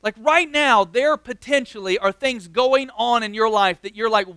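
High, bright-voiced man preaching casually. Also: normal speed, hardly any pauses, clear, resonant tone, dry recording. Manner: casual, constantly says "like". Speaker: pastor. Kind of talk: conversational sermon.

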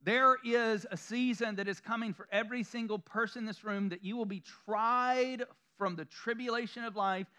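Southern male pastor, high bright voice, preaches in a loose conversational way with chuckles and self-deprecating asides. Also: fairly even intonation, moderate pace, few pauses. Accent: Southern American. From Southern United States. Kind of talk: sermon. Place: church room before a congregation.

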